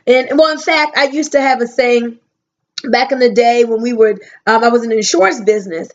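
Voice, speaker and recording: A woman giving a motivational talk, emphatic, stretching her key words out slowly. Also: high voice, lo-fi sound. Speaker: motivational speaker.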